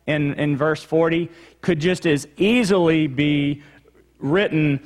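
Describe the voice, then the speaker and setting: A male pastor delivers a teaching sermon, explaining carefully and repeating points for emphasis. He takes his time, unhurried. His voice sits fairly high for a man.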